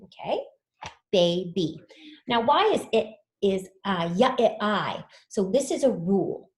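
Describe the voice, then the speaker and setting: Slow patient woman teaching spelling. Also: medium pitch, very animated, echoey room. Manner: slow, patient, sounds words out letter by letter. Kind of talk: spelling lesson for children.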